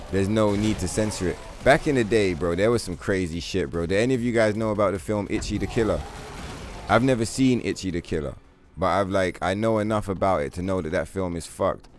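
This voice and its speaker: A man's voice: sits low, brisk, soft background music. A man chatting casually and profanely while streaming a game, rambling through long comparisons and laughing. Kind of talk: casual gaming livestream chat.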